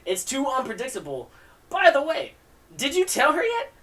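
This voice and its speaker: A woman's voice: sits high, wildly swooping pitch, normal speed, a bit bright, far from the mic, pitched above the performer's own voice, heavily acted. A woman voicing a friendly middle-aged father who collects artifacts, in a chatty, upbeat manner.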